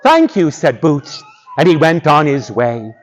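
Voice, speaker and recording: A male storyteller telling a folktale live to schoolchildren, animated and drawing the audience in. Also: on the high side, a little slow, muffled recording, slight background noise.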